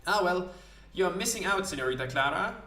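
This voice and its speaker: A man's voice: sits high, animated, fairly quick, sharp tone, voice pushed up, heavily acted. A wistful young Spanish seaman, romantic and lilting, lifting his words with a raised, sing-song voice, as a man puts him on. He speaks with a put-on Spanish accent. The sound is roomy and taken from a distance. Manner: passionate, lilting, sprinkled with foreign phrases.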